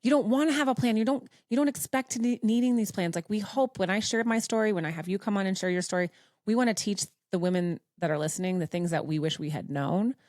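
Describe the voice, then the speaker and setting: A woman's voice: mid-range voice, darkish tone, no echo, studio quality. A woman hosting a podcast, talking with a guest in an emphatic, supportive way and swearing freely. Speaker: podcast host. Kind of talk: casual interview chat.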